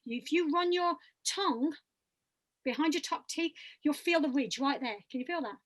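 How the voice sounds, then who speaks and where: A woman's voice: sits high, moderate pace. A woman leading an online voice workshop, encouraging and demonstrating sounds and exercises for the group. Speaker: voice workshop leader.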